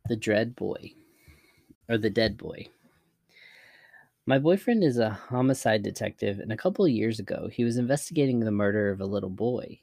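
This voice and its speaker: A man narrating scary stories in a measured, even storytelling manner. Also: fairly low pitch, no echo, clean studio sound.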